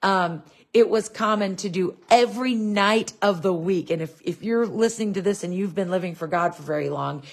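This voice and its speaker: A woman's voice: mid-range voice, normal speed. A woman teaching a Bible lesson in a casual way, telling a family story and talking with frequent fillers and restarts.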